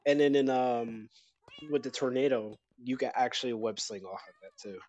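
A man's voice: mid-range voice, moderate pace, darkish tone, lo-fi sound. Rambling man explaining game updates. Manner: rambling explainer with many fillers. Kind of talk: casual gaming chat.

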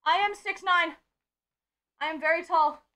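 A woman's voice: very high-pitched, measured pace, pushed and bright. A woman streamer chatting casually with her viewers, playful and teasing, swearing freely and cooing to them in baby talk. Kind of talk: casual live-stream chat.

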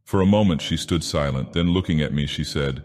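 A man reading a classic short story aloud while putting on the voice of an ancient, godlike male villain, with slow, measured, theatrical delivery. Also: extremely low pitch, a little mellow. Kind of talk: audiobook narration in character. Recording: long reverb added.

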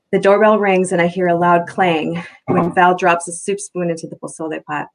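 A woman, the author, reading her novel aloud in soft, steady first-person narration. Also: fairly low pitch, moderate pace.

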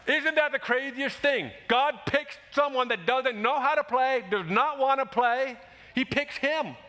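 A man preaching a sermon in a church, animated and conversational, acting out quick quotes as he goes. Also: very high voice. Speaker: pastor. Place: church sanctuary.

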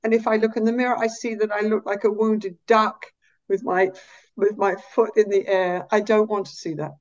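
Animated woman therapist, slightly dull sound. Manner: animated, drops to a slow soft low voice to demonstrate therapy. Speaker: psychologist and therapist, podcast guest. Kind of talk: explanatory interview talk.

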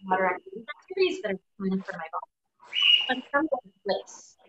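A woman's voice: medium pitch, big pitch swings, fairly quick, noisy background. Candid, emphatic woman on an echoey call. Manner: candid, emphatic, swears freely. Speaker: webinar guest speaker, chiropractor. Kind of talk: personal story told on a webinar. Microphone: video call. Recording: echoey, dull video-call audio.

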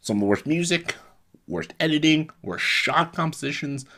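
A man's voice: on the high side, expressive, moderate pace, sharp tone. A young man giving a casual spoken film review, exasperated and laughing often, full of fillers and quoted disbelief. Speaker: movie reviewer.

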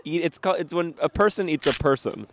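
A man's voice: on the high side, fast, a little hiss or hum. A man interviewing a young child outdoors in the snow, asking playful, teasing questions and reacting with exaggerated surprise.

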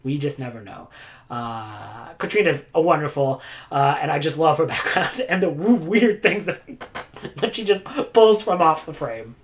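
A woman's voice: deep voice, expressive, measured pace. A woman booktuber chatting casually to camera, rambling with lots of "like" fillers and frequent laughs. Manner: laughs often between phrases. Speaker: booktuber giving community awards.

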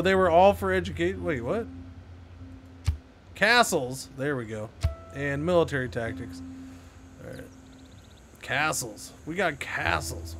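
Chatty man streaming a strategy game. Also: a little high. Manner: chatty, self-talking, sarcastic asides to chat. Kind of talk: casual live-stream gameplay commentary.

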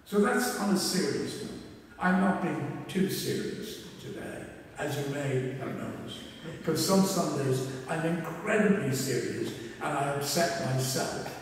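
A man's voice: on the high side, a little slow, a little hiss or hum. A man preaching a sermon as a minister, chatty and humorous, with asides. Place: church. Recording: echoey church hall from far off.

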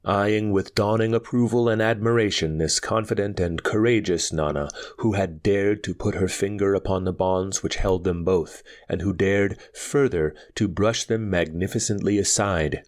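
A man narrating a pulp story aloud in a measured, dramatic reading. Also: deep voice. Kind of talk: audiobook narration.

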